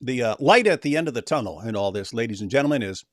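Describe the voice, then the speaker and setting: A man's voice: quick pace, dry recording. Mocking, dry-sounding man on a livestream. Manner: animated, mocking, with shrill put-on whining voices. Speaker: livestream co-host. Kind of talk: casual livestream commentary.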